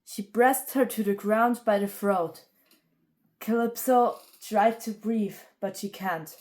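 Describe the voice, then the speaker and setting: A woman tells a homemade dragon story at a very slow, halting pace, pausing and filling gaps as she goes. Her pitch sits in the middle of the usual range. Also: darkish tone. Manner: halting, with pauses and fillers. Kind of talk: homemade fan story narration.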